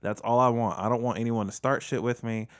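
A man's voice: medium pitch, fairly even intonation, brisk. A young man co-hosting a casual podcast chat, hesitant and self-deprecating, often trailing off. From Southern United States. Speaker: podcast co-host.

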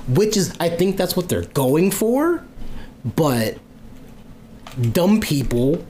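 Guy on a podcast acting out convos, voice jumps around a lot, bit higher pitched, faint hiss behind. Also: slow pace. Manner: animated storyteller, acts out quoted exchanges, swears freely. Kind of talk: casual podcast chat.

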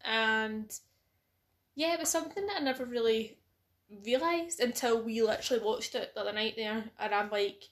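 Scottish lass chatting on a podcast, bit high voice, laughs a lot, swears. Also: female voice, moderate pace, fairly bright tone. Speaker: podcast co-host. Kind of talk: casual chat.

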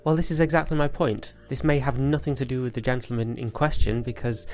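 A man's voice: mid-range voice, steady tone, fairly quick, a little mellow, soft background music. A man in a casual tabletop role-playing game, pedantic as he questions other characters. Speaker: player.

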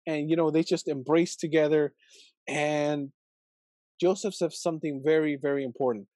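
A man's voice: on the high side, fairly even intonation, moderate pace, dark tone, no room sound. A young man casually reflecting on a Bible passage in a video, thinking aloud with fillers and rhetorical questions. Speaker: video host reflecting on scripture.

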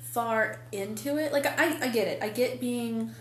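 A woman's voice: a little high, measured pace, reverberant, a little hiss or hum. A woman co-hosting a podcast, ranting in a heated, exasperated way with swearing. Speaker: podcast co-host. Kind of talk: casual chat.

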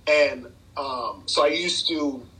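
A man's voice: medium pitch, slow, sharp tone, poor audio. A man, telling a dating story in casual chat, loose and rambling, laughing often. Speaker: podcast guest, dating coach.

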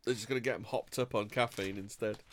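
A man's voice: lowish voice, fairly even intonation, fast talker. A man co-hosting a casual chat, reading odd news items aloud with dry asides. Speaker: co-host.

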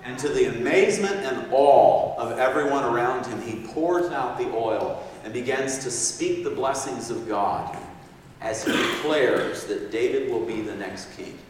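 Preacher, echoey hall from afar. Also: male voice, medium pitch, unhurried, slight background noise. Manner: animated, acts out quotes, chuckles often. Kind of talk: sermon storytelling. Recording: distant mic in echoey hall.

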